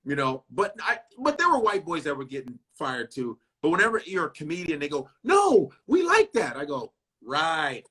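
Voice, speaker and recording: Blunt, bright-voiced comedian. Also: male voice, a little high, normal speed, slightly rough. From Chicago. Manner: blunt, profane, animated storytelling that acts out other people's lines. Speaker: comedian guest. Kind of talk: casual interview chat.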